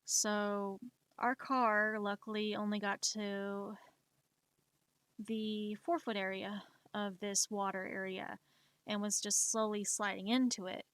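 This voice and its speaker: A woman's voice: mid-range voice, level tone, slow pace, fairly bright tone, no echo. A young woman streamer telling a personal story in a casual, anxious way, often stammering and repeating herself. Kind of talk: storytelling during a live art stream.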